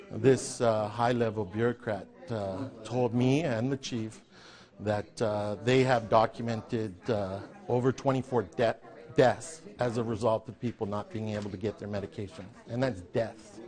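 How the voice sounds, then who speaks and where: A man giving an interview, answering hesitantly with pauses as he thinks aloud. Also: medium pitch, darkish tone. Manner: hesitant, many fillers and restarts while thinking aloud.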